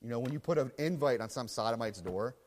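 A man preaching a sermon as pastor, swinging between low muttering and loud shouting. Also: fast, big-room sound.

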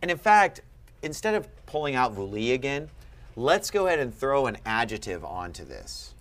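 A man's voice: mid-range voice, sing-song, moderate pace, fairly bright tone. A man teaching Greek grammar one-on-one, asking questions and stressing the key points patiently. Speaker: Greek tutor.

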